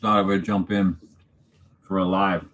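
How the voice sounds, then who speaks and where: A man's voice: deep voice, flat delivery, measured pace, a bit bright. Laid-back Canadian man on a livestream. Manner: laid-back, chuckling, talks to viewers by name. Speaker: channel host reading live chat. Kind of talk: casual livestream chat. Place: home, alone for the evening.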